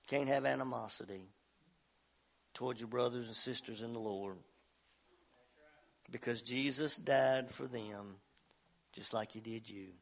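A man preaching a sermon as pastor, telling a story in a folksy way and building to loud shouts. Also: mid-range voice, a little slow, gravelly, long pauses. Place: church sanctuary.

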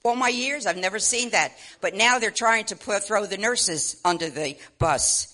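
An older woman preaches in church with a bright, forward voice. She delivers her sermon with passion, rising to loud exclamations and dropping to quiet asides. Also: moderate pace. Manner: impassioned, swings from loud exclamations to low asides.

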